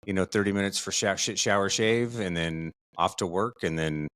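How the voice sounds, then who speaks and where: A man co-hosting a podcast, giving relaxed, informal advice in casual chat. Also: low-pitched, moderate pace, clear, resonant tone, no echo. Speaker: podcast co-host.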